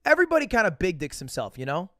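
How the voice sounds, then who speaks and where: Animated high-voiced man telling a story. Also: very fast, no room sound, clean studio sound. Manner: animated, profane, self-mocking. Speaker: podcast host telling a story. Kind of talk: casual storytelling.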